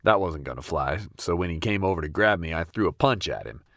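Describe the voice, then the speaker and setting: A young man narrating a comic personal story in a wry, deadpan way. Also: sits low, a little fast, dry recording, studio quality. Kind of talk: comedic first-person storytelling.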